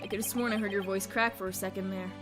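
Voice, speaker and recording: A woman voicing an earnest young male defense lawyer in a video game, lowering her voice to read his lines steadily. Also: fairly even intonation, fast, music in the background, close to an everyday voice. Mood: concerned.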